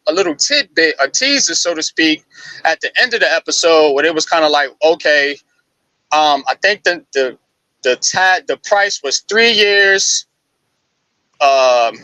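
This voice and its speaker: A man breaking down football news on a live sports talk show, casual and animated, with frequent restarts. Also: a little high, dry recording, low-quality recording.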